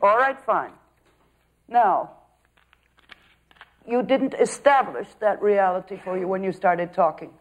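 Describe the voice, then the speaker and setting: A woman's voice: medium pitch, slow, pauses often. An older woman acting teacher giving a student direct, probing notes in class. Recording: dull lo-fi archive recording.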